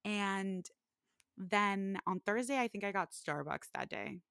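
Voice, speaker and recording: A young woman in her twenties telling a casual story on a podcast. She fills her talk with "like" and grows animated when she quotes others. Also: mid-range voice, takes it slowly, creaky, no room sound, studio quality. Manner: chatty, full of "like", animated when quoting others.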